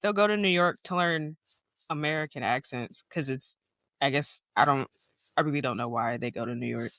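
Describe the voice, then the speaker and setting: A woman's voice: very deep voice, moderate pace, a bit bright, no echo, studio quality. A young woman co-hosting a family podcast, teasing her father in a playfully bossy way. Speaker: co-host, daughter. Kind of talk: casual family podcast chat.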